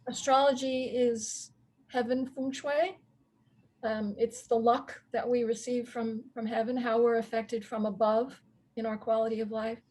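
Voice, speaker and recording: Woman interview guest, slightly high voice, reflective, laughs softly, lots of ums. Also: little pitch movement, measured pace. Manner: thoughtful, with soft laughs and many ums. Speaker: guest astrologer.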